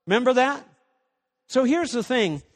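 A man's voice: very high voice, expressive, a little slow, big-room sound. A man preaching a sermon as a pastor, emphatic and firing rhetorical questions at the congregation.

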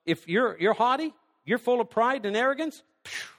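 Middle-aged pastor guy preaching, pretty high voice, loud then real hushed, big echoey hall. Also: animated, moderate pace. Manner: swings from loud emphatic preaching to hushed near-whisper. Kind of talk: sermon. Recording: long hall reverb.

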